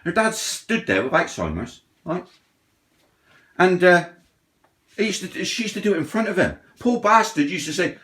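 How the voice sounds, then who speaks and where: Man, middle-aged, blunt profane rant, a bit higher-pitched. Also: big pitch swings, moderate pace, fairly bright tone. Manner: blunt, sweary, mocking mimicry of others. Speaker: ranting vlogger.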